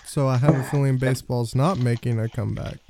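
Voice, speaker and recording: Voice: mid-range voice, steady tone, fast talker, dark tone, a little hiss or hum. A podcast co-host in casual chat, making dry, wry remarks.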